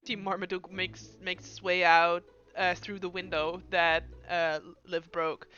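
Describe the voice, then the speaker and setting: A woman's voice: on the low side, flat delivery, unhurried, sharp tone, clear, resonant tone, lo-fi sound, faint music behind. Woman running a tabletop game. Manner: casual, playful narration with fillers. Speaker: game master.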